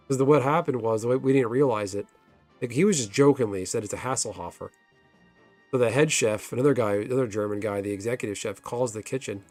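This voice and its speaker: A man at a middle pitch streams a game and rambles through a long story. He curses whenever his connection drops. Faint music plays behind him. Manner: rambling storyteller, swears when the game crashes. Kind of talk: casual chat while gaming.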